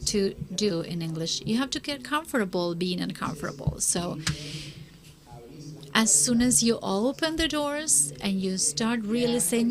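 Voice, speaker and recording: A woman's voice: medium pitch, lively intonation, measured pace, crowd noise. A woman speaking at a conference, answering audience questions in an earnest, encouraging way and often repeating words as she starts a sentence. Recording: live conference with audience noise.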